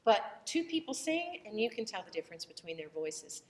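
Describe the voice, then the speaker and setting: A woman's voice: mid-range voice, sing-song, a little fast, in a large hall, a little hiss or hum. A woman voice teacher who has a cold, explaining the vocal tract in a loose, conversational lesson and breaking into short vowel demonstrations.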